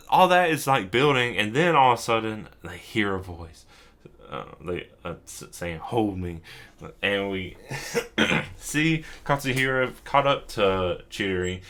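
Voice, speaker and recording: A drunk young man with a deep, slightly bright voice hosts a casual anime recap. He rambles with lots of fillers, swearing and chuckling along the way.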